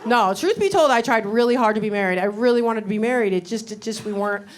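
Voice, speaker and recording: A woman's voice: a little high, lively intonation, quick pace. A middle-aged woman doing a stand-up comedy set in a club, wry and rambling with sudden indignant outbursts. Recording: live club recording with audience noise.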